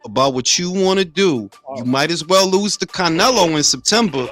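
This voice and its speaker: Loud joking man, bright animated voice. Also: on the high side, normal speed, soft background music. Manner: loud, joking, profane banter. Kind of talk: casual boxing chat.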